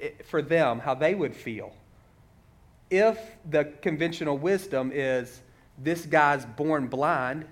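A man preaching a sermon in a conversational way, walking through a story and asking many rhetorical questions. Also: on the high side.

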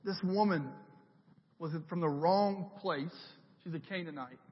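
High-pitched guy preaching, chatty but builds with repetition, dull sound with a long church echo. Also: unhurried. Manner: conversational, builds with emphatic repetition. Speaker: pastor. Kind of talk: sermon. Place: church sanctuary.

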